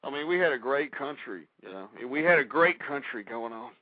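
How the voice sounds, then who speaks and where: A man's voice: mid-range voice, expressive, a little fast, dry recording, phone-quality sound. A male talk radio host ranting in distress, groaning and moaning between his complaints. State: distressed and pained.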